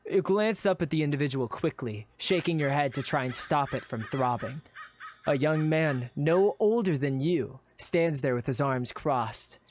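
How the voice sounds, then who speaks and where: A man narrating a live game roleplay in second person, with animated, flustered asides. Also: fairly high pitch, unhurried, slight background noise. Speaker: player and narrator.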